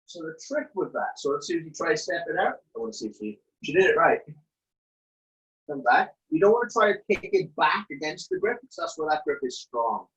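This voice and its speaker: A man's voice: on the high side, sing-song, fairly quick, a bit bright. A man coaching jiu-jitsu over a video call, explaining a technique while he demonstrates it. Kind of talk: casual chat then technique instruction. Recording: dull lo-fi video call audio.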